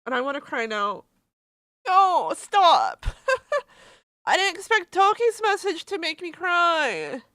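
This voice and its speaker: Woman, streamer, casual livestream chat, emotional, swears casually, bright voice, dry close sound. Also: very high-pitched, very animated, normal speed, few pauses, no echo. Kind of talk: casual livestream chat, reading birthday messages aloud.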